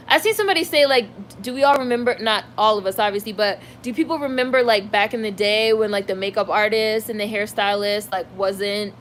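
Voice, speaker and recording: A woman's voice: medium pitch, slight background noise. A woman hosting a livestream, chatting casually about celebrity gossip and reacting to comments from her chat. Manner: chatty, animated, heavy use of "like". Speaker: livestream host reading chat.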